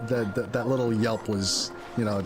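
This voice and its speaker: A man's voice: fairly even intonation, moderate pace, music in the background. A young man streaming a video game, rambling casually with lots of filler words and frequent laughs. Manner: jumps into high squeaky voices when quoting others. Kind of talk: casual gameplay commentary.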